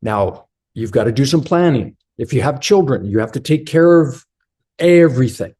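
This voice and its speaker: Addressing other men as brothers, a man gives blunt, direct motivational coaching about relationships, speaking straight to his listeners. His medium-pitched voice is dark, husky and animated, at normal speed.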